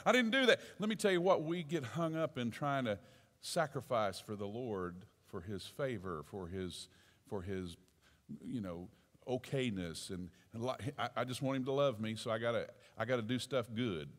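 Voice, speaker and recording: Male pastor preaching in a reverberant sanctuary, lively delivery, soft asides and loud outbursts. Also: medium pitch, moderate pace. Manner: animated preaching, swinging from soft asides to shouted exclamations. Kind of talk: sermon. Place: church sanctuary. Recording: long church reverb.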